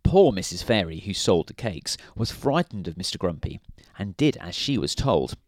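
A man's voice: low voice, big pitch swings, moderate pace, a little mellow, no echo, clean studio sound. A man reading a children's story aloud in a playful way, now and then asking the listener questions.

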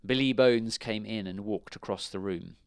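A man reading a children's storybook aloud in a measured, expressive way. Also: on the low side, gravelly, smooth, no room sound, studio quality.

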